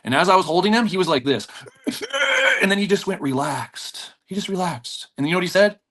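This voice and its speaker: A high-voiced, fairly quick-talking man, a jiu-jitsu black belt and gym owner, appears as a podcast guest, telling lively stories, acting out the people's voices and often breaking into laughter.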